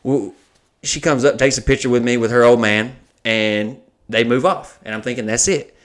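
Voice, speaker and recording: A man, a comedian and podcast host, telling a profane, animated story in casual chat. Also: mid-range voice, moderate pace.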